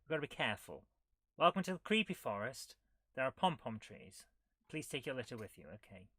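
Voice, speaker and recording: A woman's voice: extremely low pitch, big pitch swings, fairly quick, fairly bright tone, husky, dry recording, studio quality. A woman, hosting a retro game playthrough, reading the game's text aloud with wry, jokey asides. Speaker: retro gaming host. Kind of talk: casual game playthrough commentary.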